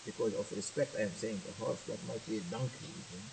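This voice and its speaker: A man's voice: lowish voice, fast, creaky, a little mellow, rough recording. Male teacher giving a sermon, faint hiss. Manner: switches between languages, teaching with repetition and questions to listeners. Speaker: religious teacher. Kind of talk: sermon with translation.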